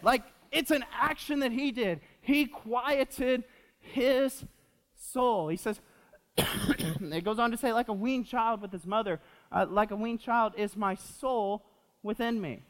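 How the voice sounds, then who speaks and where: A man's voice: extremely high pitch, measured pace. Young male pastor in a reverberant hall. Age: 20s. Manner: animated, repeats himself with fillers, jokes with the audience. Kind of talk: sermon. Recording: long reverb of a church hall.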